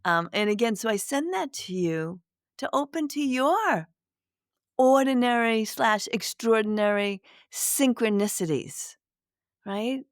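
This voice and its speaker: A middle-aged woman, a spiritual medium, telling a personal story to listeners in a gentle, reflective way with many restarts. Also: a little high, expressive, unhurried, no echo, clean studio sound. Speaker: spiritual medium, podcast host.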